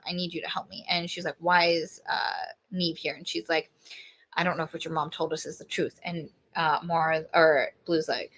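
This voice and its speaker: Her voice lowish, pushed, and bright, a woman co-hosting a podcast recounts a novel's storyline in a laid-back book review conversation. Along the way she plays out the characters' lines.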